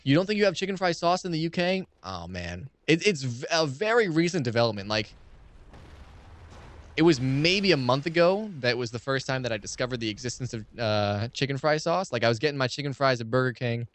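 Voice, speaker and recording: A young man chatters through a game session, cursing freely and ranting with excitable enthusiasm. His mid-range voice sits close to the mic in a dry, dead room. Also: medium pitch, brisk, dry recording. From United States. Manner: rambling, profane, excitable ranting. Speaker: let's play streamer. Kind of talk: casual gameplay commentary.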